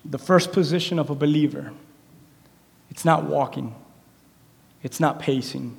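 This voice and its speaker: A pastor preaching a sermon in a church, swinging between quiet, intimate lines and loud, animated appeals. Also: male voice, on the high side, unhurried, vocal fry, in a large hall. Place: church sanctuary.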